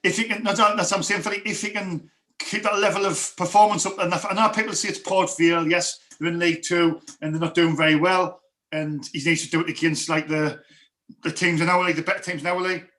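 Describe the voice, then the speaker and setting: A man with a bright, fairly high voice chatting about football in a loose, rambling way. He restarts his sentences often as he works through his thoughts, like a fan co-hosting a live stream. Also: steady tone, a little fast. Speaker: fan co-host. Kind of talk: casual football chat.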